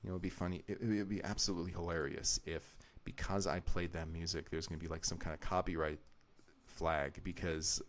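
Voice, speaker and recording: A man's voice: low voice, little pitch movement, fairly quick. A man live-streaming his video editing, talking through his choices in a rambling, explanatory way and often restarting his sentences.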